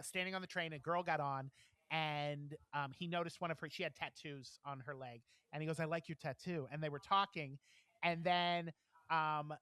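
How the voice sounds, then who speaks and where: A man co-hosting a podcast, telling stories with lively acted-out quotes and frequent laughs. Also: a little high, no room sound. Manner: animated storyteller, acts out quotes, laughs often. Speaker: podcast co-host. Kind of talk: casual chat, storytelling.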